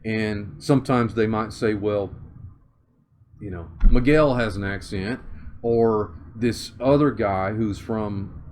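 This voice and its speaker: Southern male interviewee, low-pitched, measured, searching for words. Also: a little mellow, slight background noise. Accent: Southern US (Oklahoma). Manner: measured, thinks aloud with many fillers and restarts. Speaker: interview guest. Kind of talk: conversational interview.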